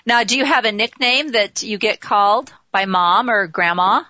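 An effusive woman in her fifties hosts an internet talk show with a bright, forceful voice. She rambles happily between topics. The sound is dry and a little dull. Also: medium pitch, normal speed, dry recording. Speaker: host.

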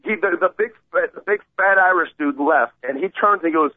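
A man co-hosting a casual sports talk show, telling a rambling, excitable story with many restarts. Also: a little high, fairly quick, no echo, narrow, tinny audio. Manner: rambling, excitable storyteller who acts out the people he quotes. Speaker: co-host.

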